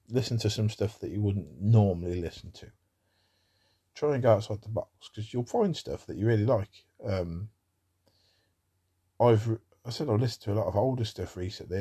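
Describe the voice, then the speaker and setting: A man's voice: fairly low pitch, dark tone, husky. A man talking in a rambling casual monologue about music, with wry asides.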